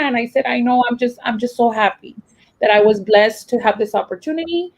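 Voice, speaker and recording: A woman's voice: a little high, fairly quick, rough recording. Woman, teacher, rambling emotional chat, lots of fillers. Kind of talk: casual personal account.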